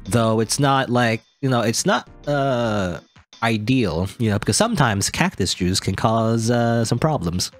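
A man's voice: medium pitch, lively intonation, measured pace, soft background music. A man reading a story game aloud and rambling off on casual asides full of fillers. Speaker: let's play host.

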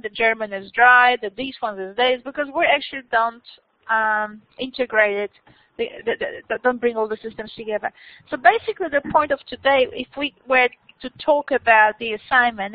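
High-voiced woman lecturer, lively and chatty. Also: no echo, phone-quality sound. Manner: animated, many restarts, asks students questions. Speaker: university lecturer. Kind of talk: informal lecture to students.

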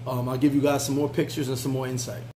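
A man's voice: mid-range voice, flat delivery, quick pace, dark tone, a little hiss or hum, low-quality recording. A man telling a travel story in a casual, laid-back way, full of fillers and restarts. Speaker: travel vlogger.

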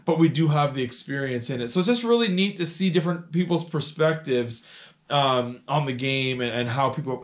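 A hoarse man from Canada in his thirties, chatting casually through a reality-show recap vlog with lots of fillers and repeated words. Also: medium pitch.

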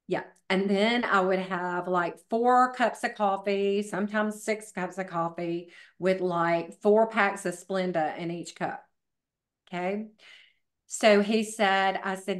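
A middle-aged woman, a fitness professional appearing as a podcast guest, tells her story in a chatty, casual interview, using many fillers. Her medium-pitched voice stays steady, and she takes it slowly.

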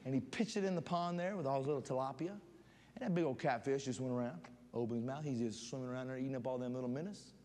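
A man preaching a sermon as a guest speaker, building up to loud fervent shouting. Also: medium pitch, quick pace. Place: church sanctuary. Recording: church hall reverb.

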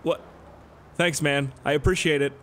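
A man's voice: fairly high pitch, steady tone, normal speed, fairly bright tone, a little hiss or hum. A young Canadian man with a Canadian accent giving rambling, joking gameplay commentary and swearing often. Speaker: gaming YouTuber.

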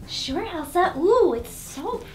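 A woman's voice: extremely high pitch, big pitch swings, takes it slowly, faint music behind, heavily acted. A woman playing a chatty young princess who bluntly asks her sister why she is acting strange. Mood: puzzled. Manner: blunt, quizzical. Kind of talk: comedy sketch acting.

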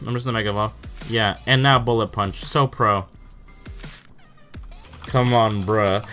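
A man's voice: medium pitch, expressive, moderate pace, long pauses, fairly bright tone, soft background music. A young man giving casual, profanity-laced commentary as he plays an online game, stammering and exclaiming in disbelief. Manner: swears often, stammers in bursts, exclaims in disbelief. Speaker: gaming YouTuber. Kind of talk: casual live commentary over gameplay.

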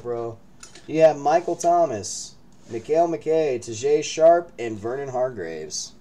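A man's voice: medium pitch, lively intonation, slow, dark tone. A man hosting a live card-break stream from his break room, hyping the pulls and bantering with viewers. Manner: hyped, joking banter with viewers.

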